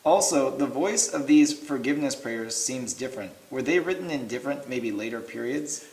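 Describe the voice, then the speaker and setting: A man reading listeners' questions aloud to a teacher in a plain, steady way. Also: medium pitch, moderate pace. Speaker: question reader. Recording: echoey room.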